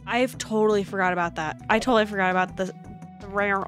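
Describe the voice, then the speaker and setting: A woman streamer talking to her viewers during a live game stream, excitable, often gasping and exclaiming. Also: mid-range voice, normal speed, faint music behind. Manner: chatty, addresses her viewers directly.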